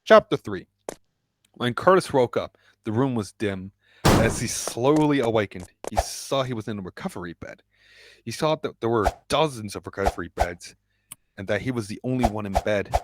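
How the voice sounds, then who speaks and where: A man's voice: lively intonation, heavy background noise. A man reading a fan-written story aloud, stumbling and restarting lines and raising his voice for the characters. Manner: halting reading with restarts, pushed-up pitch for quoted lines. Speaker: fanfic reader.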